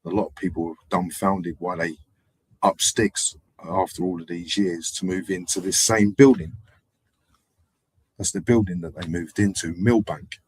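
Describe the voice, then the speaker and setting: A man hosting a live stream, telling rambling, animated anecdotes in casual street slang. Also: sits low, measured pace, slightly rough. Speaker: livestream host. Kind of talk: casual livestream storytelling.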